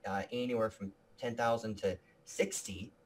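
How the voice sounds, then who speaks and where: Slight hiss or hum sits under this lower, steady male voice at a moderate pace. Interviewed casually about his video production company, he talks with earnest energy and keeps starting sentences over.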